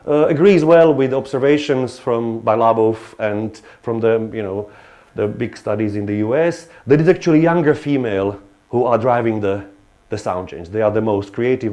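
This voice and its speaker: A man's voice: mid-range voice, darkish tone. Hesitant male lecturer. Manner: hesitant, many restarts and fillers. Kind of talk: academic lecture.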